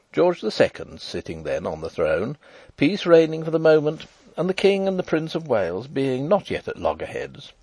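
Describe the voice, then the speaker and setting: Husky, expressive male audiobook narrator. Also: medium pitch, dry recording. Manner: wry, expressive storytelling. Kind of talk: scripted narration of a classic novel. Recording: dry close recording.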